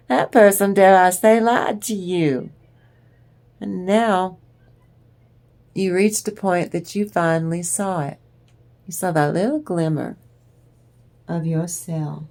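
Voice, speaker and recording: Speaking in a slightly low, somewhat mellow voice, a woman gives a tarot card reading directly to the viewer, as if they were seated opposite her. She takes her time, leaving pauses between phrases, and stays encouraging while frequently breaking into laughter.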